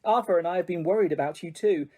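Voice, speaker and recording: A narrator voicing a plump, scolding middle-aged mother in a whispered role-play, breathy and soft, with sharp bursts. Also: mid-range voice, quick pace, lightly acted. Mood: fretful.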